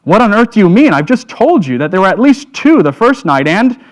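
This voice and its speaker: A man's voice: sits high, sing-song, fairly quick, voice pushed up. A man reading aloud, voicing an anxious, bewildered boy who presses with eager questions.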